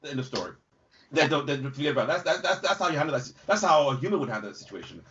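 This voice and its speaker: A man's voice: fairly high pitch, very animated, racing, fairly bright tone. A man co-hosting a podcast, chatting casually with rambling, stammering restarts. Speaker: podcast co-host. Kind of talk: casual chat. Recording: dull audio from off-mic.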